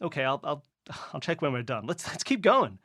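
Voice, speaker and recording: A man's voice: on the high side, sing-song, fairly quick, fairly bright tone, no room sound, clean studio sound, heavily acted. A man doing a stammering young male streamer. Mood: apologetic. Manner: stammering, pleading. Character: young male streamer, nervous and then frightened.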